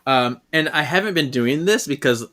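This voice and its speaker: A man hosts a comics podcast at a mid pitch. He sums up the story in a relaxed, chatty way, with plenty of fillers. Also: moderate pace. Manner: relaxed, with filler words and easy laughter. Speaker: podcast host. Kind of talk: casual comic discussion and recap.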